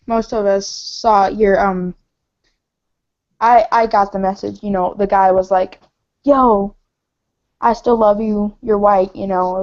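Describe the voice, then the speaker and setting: A woman on a casual group video call, chatty and quick to react with enthusiasm. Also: mid-range voice, a little mellow. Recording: muffled video call audio.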